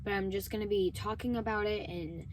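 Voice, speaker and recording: A woman speaks straight to camera as the host of her own vlog, her mid-range voice hoarse from a sore throat. She sounds earnest and emotional, pausing and restarting as she goes. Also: mid-range voice, steady tone, background noise. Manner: emotional, earnest, halting with fillers.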